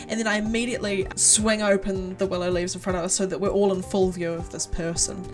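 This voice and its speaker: A woman's voice: medium pitch, level tone, fast, soft background music. A woman player in casual game chat, chatty and amused.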